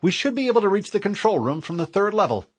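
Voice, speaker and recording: Cortana, a brisk female AI, as a man puts her on. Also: high voice, very animated, slightly rough, voice pushed up, heavily acted. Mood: matter-of-fact. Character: calm female AI companion.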